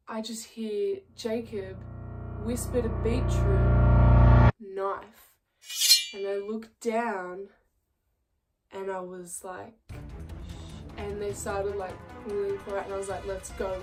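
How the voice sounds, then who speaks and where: A young woman telling a story in a casual, chatty way, with lots of fillers and frequent laughing. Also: medium pitch. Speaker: vlogger. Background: faint background music.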